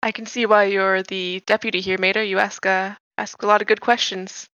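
A woman playing her character in a tabletop game, wry and a touch hesitant. Her voice is bright and edgy, and the recording is dry and dull. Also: mid-range voice, level tone, a little fast, clear, resonant tone, dry recording. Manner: wry, hesitant, laughs often. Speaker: player.

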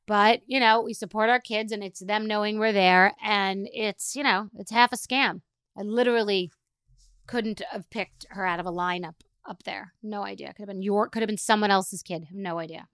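Exasperated woman ranting, bright and crisp. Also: a little high, normal speed, dry recording. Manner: exasperated, rambling storytelling. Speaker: podcast host. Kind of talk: solo rant.

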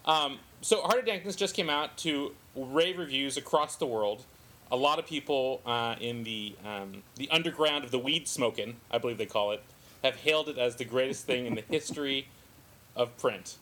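A man's voice: medium pitch, moderate pace, sharp tone. A man in his forties who grew up in the Southern California desert, co-hosting a podcast and telling a long, self-amused story in casual chat. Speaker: podcast co-host.

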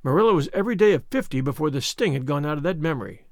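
Expressive male audiobook narrator, lively pitch. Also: dry recording, studio quality. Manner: expressive, measured storytelling. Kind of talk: scripted narration.

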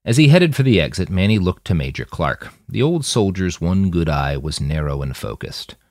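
Guy reading his own story aloud, deep-ish, expressive, dry mic. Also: moderate pace, no room sound. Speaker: author and narrator. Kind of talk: audiobook narration of fiction.

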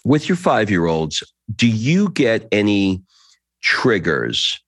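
A man in his fifties with a very deep voice hosts an interview. He asks probing questions quickly and haltingly, often restarting his sentences. The sound is dry and close. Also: no echo. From New York. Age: 50s. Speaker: podcast host. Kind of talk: interview conversation.

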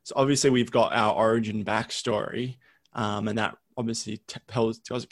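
A man hosts a podcast in a relaxed, conversational way. He asks questions plainly and answers his guest with short, agreeable replies. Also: lowish voice, normal speed. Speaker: podcast host. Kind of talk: casual podcast interview.

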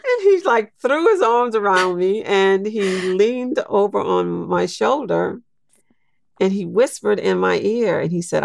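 An older woman in her sixties speaks as a guest, telling a personal story in a reflective, unhurried way. Her voice is strongly gravelly and her pace is very slow. The recording is dry and close, with no room sound. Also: medium pitch, expressive, no room sound. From Louisiana, United States. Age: 60s. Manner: reflective, unhurried, with soft laughs and restarts.

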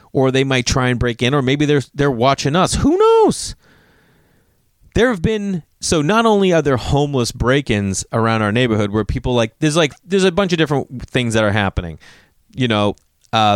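A man's voice: medium pitch, smooth, no echo, clean studio sound. A man telling a story in casual talk, swearing freely and acting out what people said. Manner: animated, profane, acts out quotes.

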